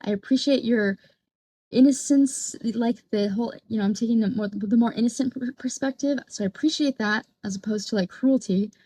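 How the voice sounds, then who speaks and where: A woman's voice: fairly high pitch, fairly quick, dark tone, breathy edge. A woman giving casual reaction commentary on a clip, with a blunt, profane and mocking manner.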